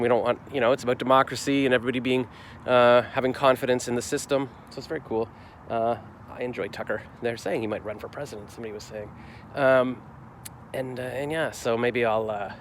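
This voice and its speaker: Man, 40s, vlogger, rambling reflective day recap, mid-pitched, faint street noise outside. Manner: rambling, reflective, with many fillers and restarts. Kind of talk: casual daily vlog recap.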